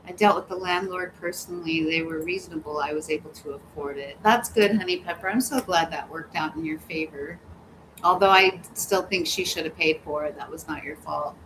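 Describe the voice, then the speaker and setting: A woman with a low-pitched voice talks a little fast while hosting a casual livestream from home on a hot day. She reads viewer comments out loud, laughs a lot and swears freely, over a noisy background.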